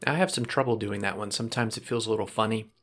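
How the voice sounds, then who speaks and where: A man calmly guiding listeners through a breathing and muscle relaxation exercise, step by step, with small casual asides. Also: fairly low pitch, very fast. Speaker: relaxation instructor.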